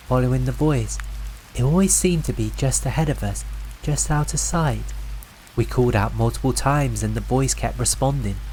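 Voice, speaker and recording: Male horror narrator, even measured read, mid pitch, soft rain backdrop. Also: slight background noise, rough recording. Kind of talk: scripted horror story narration. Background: faint rain.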